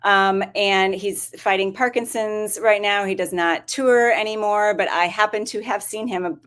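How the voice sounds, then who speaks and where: A woman talks casually as a guest on a show, chatty and relaxed, full of ums and you-knows. Her voice sits at an ordinary middle pitch. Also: normal speed, clear, resonant tone. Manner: chatty, with frequent fillers and laughs. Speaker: dietitian guest. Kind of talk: casual chat.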